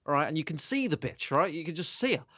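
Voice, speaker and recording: A man, hosting a podcast in casual chat, animated, sweary and rambling. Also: fairly high pitch, quick pace, no echo. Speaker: podcast host. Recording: dull lo-fi sound.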